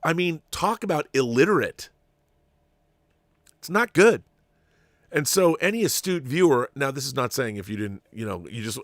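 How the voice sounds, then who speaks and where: A man's voice: mid-range voice, expressive, normal speed, pauses often. A man delivers an exasperated commentary rant, sarcastic and profane, in a middle-range voice. The sound is dry and close with no room echo. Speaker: channel host. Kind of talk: opinion commentary monologue.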